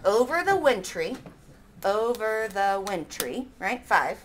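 Woman teacher leading a class, reads lines slowly to count syllables, light hiss behind. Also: mid-range voice, expressive. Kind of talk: classroom lesson.

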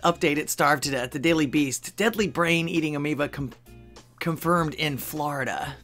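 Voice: mid-range voice, animated, moderate pace, fairly bright tone, faint music behind. A channel host at home in Texas, reading funny social media posts aloud and adding dry asides between them, with chuckles at the jokes.

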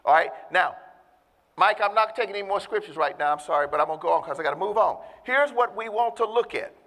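A man preaching a sermon with emphasis, calling out to the congregation and slowing down to stress key words. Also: high voice, a bit bright. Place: church. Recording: long hall reverb.

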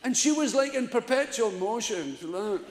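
An older Scottish stand-up comedian with a very high voice and lively intonation tells a story at normal speed on a large theatre stage. He laughs often, swears freely, and acts out the people he quotes, all captured in an echoey live recording.

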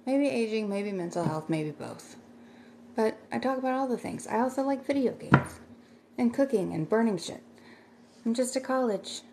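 A woman's voice: on the high side, animated, moderate pace, noisy background. A middle-aged woman chatting casually on a livestream, rambling and thanking viewers by name as she reads their comments.

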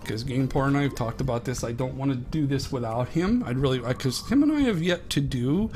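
A man's voice: mid-range voice, expressive, brisk, a little mellow, a little hiss or hum. A man with a Western Pennsylvania accent hosting a Minecraft let's-play, chatting in a rambling, casual way as he plays. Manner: chatty and rambling, talks to the animals on screen. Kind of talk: casual gameplay commentary.

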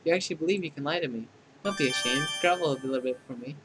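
A man's voice: very fast, music in the background, lightly acted, low-quality recording. A man voicing a smug female AI program. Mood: taunting. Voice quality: mocking, clinical put-downs. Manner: deadpan scolding that tips into shrill outbursts. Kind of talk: fan dub of a dating game.

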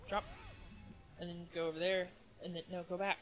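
A woman's voice: lowish voice, flat delivery, moderate pace. A woman chatting casually over a let's play, retelling a story and giving the player directions. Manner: chatty, giggly, backseat directions. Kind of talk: casual gameplay chat.

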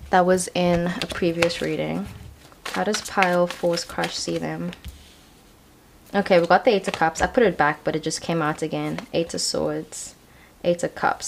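A woman's voice: lowish voice, vocal fry. A young woman giving a casual tarot card reading, talking in a chatty, slangy way full of "like" and "I feel like". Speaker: tarot reader.

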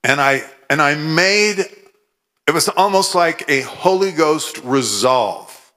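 Man preaching, storytelling testimony, bright voice, slow delivery, fairly high pitch. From Oregon, USA. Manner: humorous, animated storytelling, reciting scripture fervently. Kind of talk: storytelling sermon.

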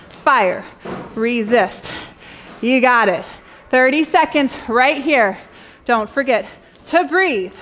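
Leading a Pilates class at an unhurried pace, a young adult woman counts down reps and calls out cues, cheering in bursts between sets. Her high, fairly bright voice sounds slightly winded but upbeat, over a faint hiss or hum.

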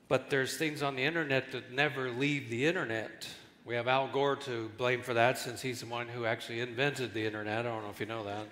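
A male guest pastor preaching a sermon with animated delivery and jokes, in a large church hall. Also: medium pitch. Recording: echoey church hall with long reverb.

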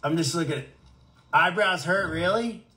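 A man's voice: on the high side, moderate pace, pushed and bright. A man hosting a casual livestream from an animal sanctuary, answering viewer comments in a joking, rambling way with stammered restarts.

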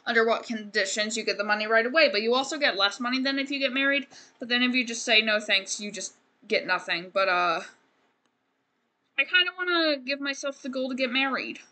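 A woman's voice: a little high, animated, brisk, sharp tone. A woman streamer giving casual gameplay commentary, rambling and joking as she talks to the game characters.

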